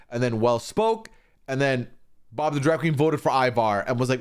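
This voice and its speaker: Here the voice is medium-pitched and smooth, at a normal speed. A man on a stream recaps a reality show casually and with strong opinions, swearing plenty and animatedly acting out people's quotes.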